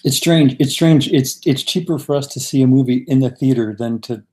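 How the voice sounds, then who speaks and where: A man's voice: medium pitch, brisk, darkish tone. A man co-hosting a casual movie chat, joking and swearing often. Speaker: co-host.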